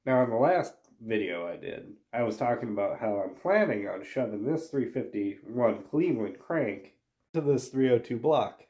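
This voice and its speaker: Man, nasal, stuffy from a cold, dark tone, casual how-to talk. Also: on the low side, animated, moderate pace. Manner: folksy, hands-on explaining. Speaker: garage channel host. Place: home garage.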